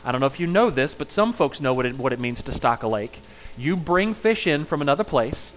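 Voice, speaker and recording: A man's voice: a little high, expressive, fairly quick, poor audio. A middle-aged man preaching a sermon in a conversational style, telling personal stories and joking with his congregation. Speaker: pastor.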